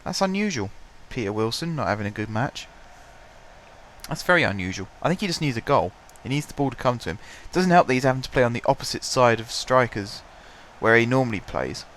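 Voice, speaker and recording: A man casually commentating his own football management game, his voice stuffy and blocked up, chatty and self-mocking, clearing his throat now and then. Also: medium pitch, expressive, a little fast, fairly bright tone, a little hiss or hum. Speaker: gaming commentator. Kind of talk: casual let's-play commentary.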